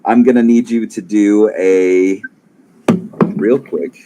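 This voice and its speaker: A man runs a tabletop game, calmly setting scenes and calling for rolls. His voice sits fairly low, and he talks in an easygoing, reassuring way. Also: slow, noisy background. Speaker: game master.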